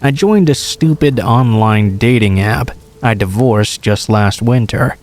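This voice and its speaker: A man reading true scary stories aloud in a steady, measured first-person narration. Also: lowish voice. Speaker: horror story narrator.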